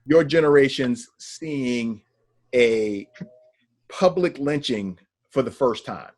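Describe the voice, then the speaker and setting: A man's voice: mid-range voice, animated, takes it slowly, darkish tone. A middle-aged man in a casual discussion, telling stories in an earnest, reflective way. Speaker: discussion panelist.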